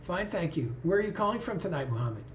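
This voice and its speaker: A man's voice: high voice, very animated, fast talker. A man hosting a live video call with callers, talking in an easygoing, conversational way. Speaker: livestream host. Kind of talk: casual live chat with callers. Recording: echoey room.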